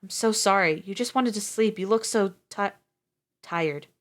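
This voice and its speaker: A woman voicing a tired, cautious young man who talks in low mutters. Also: unhurried, close to an everyday voice. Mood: earnest.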